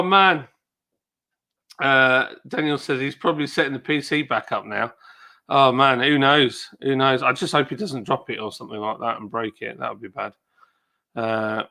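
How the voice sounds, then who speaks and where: A man with a British accent chatting excitedly on a live stream, exclaiming and laughing often. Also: medium pitch. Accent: British English. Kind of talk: casual live stream chat.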